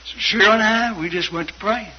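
High-voiced man telling a faith story. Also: fairly quick. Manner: acts out quoted voices, shouting and tearful in spots. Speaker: guest telling a testimony. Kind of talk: storytelling testimony. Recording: dull broadcast audio with faint hiss.

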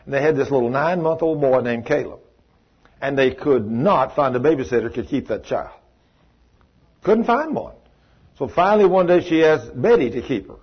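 Folksy preacher man, husky voice. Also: mid-range voice, normal speed. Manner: folksy, animated, acts out quoted voices. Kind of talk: sermon storytelling. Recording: muffled lo-fi recording.

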